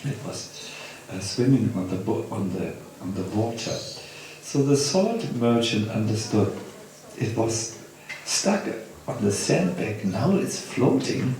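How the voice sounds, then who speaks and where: A man's voice: lowish voice, big pitch swings, takes it slowly, darkish tone. A man, a monk teacher, telling a devotional story in a lecture, hesitant with fillers and chuckles. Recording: echoey hall, voice from far off.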